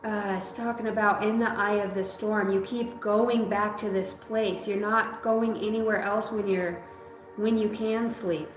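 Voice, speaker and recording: A woman giving an intuitive reading in an emotional, halting way, often breaking off mid-sentence. Her voice sits at an ordinary middle pitch. The room sounds roomy, with clear music playing behind her. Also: fairly even intonation. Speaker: psychic reader.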